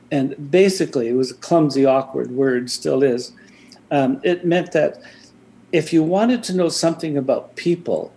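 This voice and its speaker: A man's voice: medium pitch, mellow. An older man as an interview guest, reflecting on his past in a hesitant storytelling way, with many restarts.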